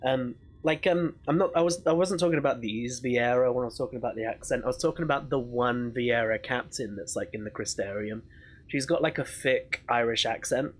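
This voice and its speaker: A man's voice: medium pitch, a little fast. A man streaming a story game live, chatting casually, swearing and laughing often.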